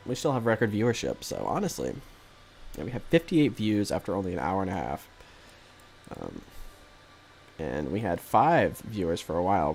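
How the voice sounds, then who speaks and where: Guy streaming a game, low voice that jumps all over, rambly and self-deprecating, faint music behind. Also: gravelly. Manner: rambling, self-deprecating, hesitant with many ums. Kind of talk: casual live-stream chat with viewers. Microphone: desk microphone.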